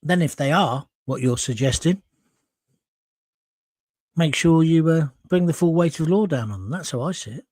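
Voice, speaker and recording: A man's voice: fairly high pitch, expressive, moderate pace, long pauses, a little mellow, no echo, studio quality. A man hosting a live stream. He reads viewers' comments aloud and answers them in a blunt, emphatic, opinionated way, with some mild swearing, and he sounds hot and sweaty. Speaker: host of a live current-affairs stream.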